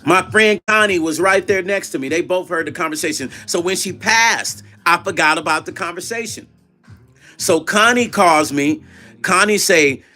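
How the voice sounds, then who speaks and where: A middle-aged man talks through a live stream, retelling phone calls line by line and greeting viewers. His voice is bright and sits a little high for a man. Faint music runs under him. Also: moderate pace. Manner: reads viewer chat aloud and retells calls in quoted dialogue. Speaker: vlog host. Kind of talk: casual livestream storytelling.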